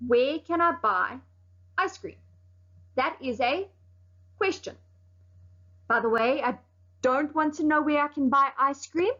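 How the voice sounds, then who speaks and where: A woman teacher giving a recorded grammar lesson to fifth graders, explaining clearly and stressing key words. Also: high-pitched, a bit bright. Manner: clear, explaining slowly with firm emphasis. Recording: dull lo-fi sound.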